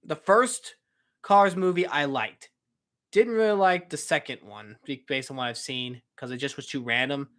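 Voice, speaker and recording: A man's voice: mid-range voice, moderate pace, a bit bright. A young man hosting a casual live-stream Q&A, answering chat questions in an upbeat, rambling way with many fillers and self-corrections.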